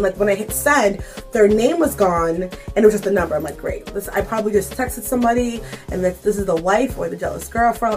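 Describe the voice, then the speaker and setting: A young woman vlogger telling a casual story-time tale, sassy and animated, with bursts of mock outrage. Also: mid-range voice.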